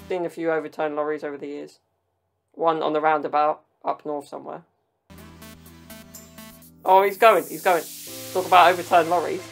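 A man's voice: on the high side, creaky. A man with a British accent giving casual, blunt and exclamatory reaction commentary with cheeky banter. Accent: British English. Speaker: video commentator.

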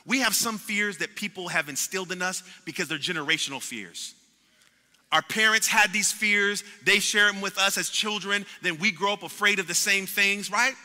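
A pastor preaching a sermon with passion, repeating words and acting out what people say. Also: male voice, high voice, normal speed, sharp tone, faint music behind. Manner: impassioned preaching with repetitions and acted-out quotes. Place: church sanctuary. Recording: long hall reverb in a church.

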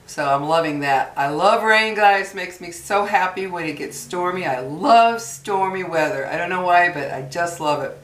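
A woman chatting casually to camera in a product review vlog, folksy and drawn-out on her emphasis. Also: lowish voice. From New Mexico. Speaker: beauty vlogger. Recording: echoey room, far from mic.

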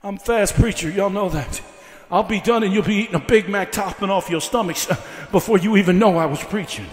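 A man with a very high voice preaches a fiery revival sermon. He peppers his lines with "uh" and hammers the same questions again and again. His voice rings out with the long echo of a large hall. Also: a little fast. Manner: fiery preaching with repeated "uh" fillers; builds by repeating questions. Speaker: evangelist. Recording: echoey hall.

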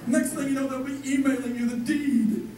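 A man teaching a live personal finance seminar in an energetic, joking way, asking the room questions. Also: extremely high pitch, a little fast, very noisy. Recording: echoey hall from far off.

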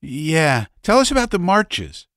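A man puts on a bug-eyed young fellow, nervous and eager, his voice pushed high and loud in a storybook scene. The sound is dry and close. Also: huge pitch swings, measured pace, no room sound, exaggerated voice.

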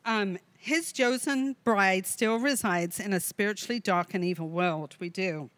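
Woman leading a women's Bible study, earnest, reads verses with warm asides, dry close mic. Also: medium pitch, unhurried, dry recording. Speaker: women's ministry leader. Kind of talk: devotional Bible teaching to women. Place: online video session with a co-host.

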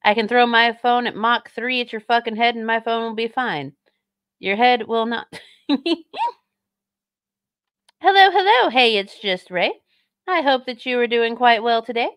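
A woman's voice: a little high, steady tone, moderate pace, fairly bright tone, clear, resonant tone, no echo, studio quality. A woman streamer giving casual commentary on clips and reading chat, sarcastic, blunt and mocking.

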